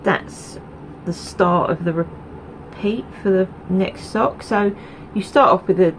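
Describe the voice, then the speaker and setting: A medium-pitched woman from Essex, England talks slowly and chattily to camera for her knitting video podcast, meandering with ums and asides. The low-quality recording has a little hiss or hum.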